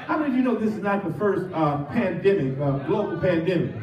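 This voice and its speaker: Preaching fast and animated in a high voice, a pastor gets his congregation to repeat phrases back to him in a call-and-response sermon. The lo-fi recording comes from a church sanctuary, echoey and picked up from a distance.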